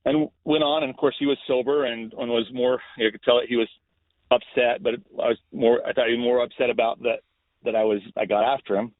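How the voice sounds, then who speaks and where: A man's voice: medium pitch, fairly even intonation, a little fast, no echo. A middle-aged man, a school principal, telling a story in a casual podcast interview, earnest and often restarting his phrases. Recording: thin phone-like line.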